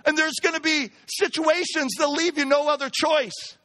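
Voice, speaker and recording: A pastor preaching a sermon, building to emphatic near-shouts as he drives his points home. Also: steady tone, moderate pace. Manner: reads a poem in a hushed lower voice.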